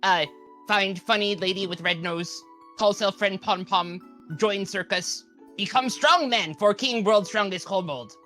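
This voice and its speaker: A woman's voice: medium pitch, measured pace, sharp tone, faint music behind. A woman voicing a proud male kobold strongman who speaks in broken, caveman-style phrases. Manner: broken caveman-style speech, talks of himself by name.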